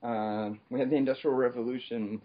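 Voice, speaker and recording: A man's voice: mid-range voice, fairly even intonation, fairly quick. A man chatting casually in a group podcast while working out on an elliptical, laughing often and restarting his sentences. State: exercising on an elliptical. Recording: dull lo-fi online call audio.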